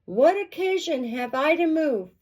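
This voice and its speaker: A woman's voice: lively intonation, measured pace. A woman voicing a small, innocent little girl in a storybook read-aloud, sweet and pleading. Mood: pleading innocence. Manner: high, bright, sweetly pleading.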